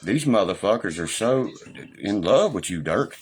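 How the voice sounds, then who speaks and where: A man's voice: lowish voice, animated, moderate pace, a little hiss or hum. A man ranting angrily on a livestream, swearing constantly and taunting his critics. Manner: profane, combative, taunting. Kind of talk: angry livestream rant.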